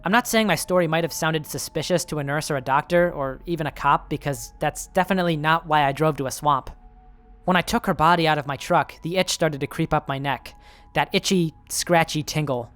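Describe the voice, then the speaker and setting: A man's voice: on the high side, brisk, fairly bright tone. Man narrating a horror story over faint music. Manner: nervous, self-justifying first-person telling.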